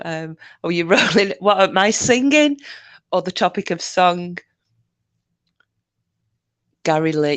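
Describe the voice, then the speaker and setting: A woman with a lowish voice hosts a casual livestream, chatting loosely and giggling often. Her voice is close and dry, with no room sound around it. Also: no room sound. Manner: giggly, rambling, laughs often. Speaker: livestream host. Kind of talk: casual chat.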